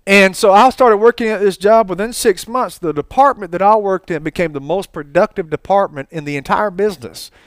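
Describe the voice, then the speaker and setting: A man preaching in a folksy, storytelling way, with quick asides and chuckles. His voice sits high for a man and sounds smooth and clear. The sound is dry and close. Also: dry recording. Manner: folksy, animated testimony with asides and laughter. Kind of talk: storytelling sermon.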